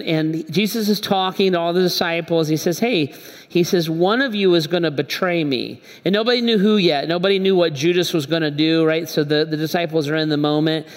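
Pastor man with echoey hall sound. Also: fairly high pitch. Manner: conversational storytelling, acts out dialogue. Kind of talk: sermon. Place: church hall.

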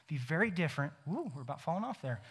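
A young man preaching a sermon, animated and emphatic, acting out imagined conversations. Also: on the high side, fast talker, husky. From Ohio. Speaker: pastor.

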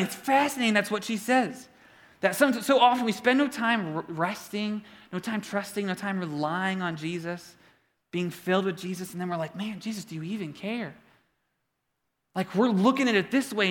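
A man in his thirties delivering a sermon, telling stories with humor and lively delivery. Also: high voice. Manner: animated storytelling with humor. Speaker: preacher.

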